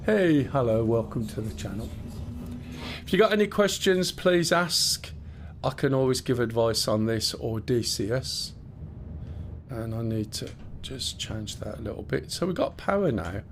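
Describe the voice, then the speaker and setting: A man's voice: medium pitch, expressive, unhurried, slight background noise. A man casually chatting and explaining things as he live-streams a game, rambling and swearing a bit. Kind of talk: live gameplay stream chat.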